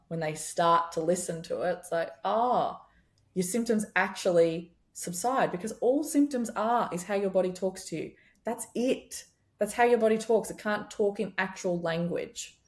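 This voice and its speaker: A woman's voice: lowish voice, darkish tone. A young adult woman chiropractor, talking candidly and expressively as a guest in a casual podcast conversation, swearing freely.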